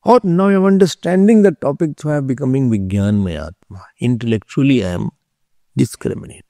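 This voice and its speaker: Gravelly man lecturing slowly. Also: mid-range voice, dark tone, no echo, studio quality. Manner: slow, explanatory, repeats key terms, asks if clear. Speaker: spiritual teacher. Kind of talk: philosophy class lecture.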